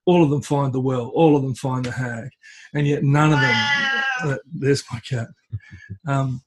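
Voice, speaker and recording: A man, a podcast guest, telling a folk tale in a relaxed conversational way, often stopping and restarting his phrases. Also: mid-range voice, unhurried, heavy background noise. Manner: hesitant, restarts phrases, tells story with acted quotes. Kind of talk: conversational storytelling. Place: at home with a cat.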